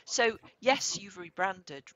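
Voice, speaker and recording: A woman's voice: mid-range voice, animated, slow, a bit bright, highs cut off. A woman hosting a casual interview, agreeable and encouraging. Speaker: host.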